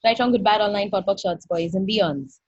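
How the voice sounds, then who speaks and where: Husky-voiced woman leading an online workshop. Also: mid-range voice, moderate pace, no room sound. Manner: effusive, earnest, quotes dialogue animatedly. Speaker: workshop facilitator. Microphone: video call. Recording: dull dry video-call audio.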